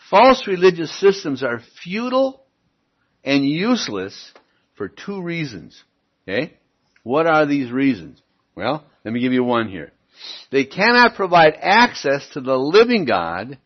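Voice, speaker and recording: A man preaching a sermon and reading Bible verses aloud, stressing lines emphatically with wry asides. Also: a little high. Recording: dull lo-fi recording.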